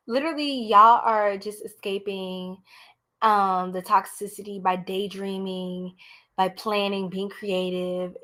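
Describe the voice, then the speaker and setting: A woman's voice: medium pitch, slow pace. Chatty American woman reading tarot live. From United States. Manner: chatty, animated, talks straight to viewers as y'all. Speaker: tarot reader.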